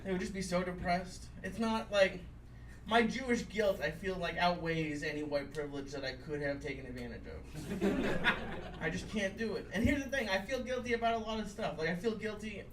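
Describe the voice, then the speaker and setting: A young adult stand-up comedian with a high voice talks a little quickly, rambling through self-deprecating material with lots of fillers. The live comedy room sounds roomy and noisy, he's far from the microphone, and the audience laughs throughout.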